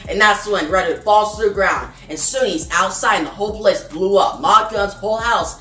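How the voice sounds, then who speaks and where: A woman's voice: mid-range voice, moderate pace, fairly bright tone. Chatty woman reviewing comics, roomy sound. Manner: chatty, loose, addresses viewers as guys. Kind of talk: casual spoken review. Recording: roomy, distant mic, faint music.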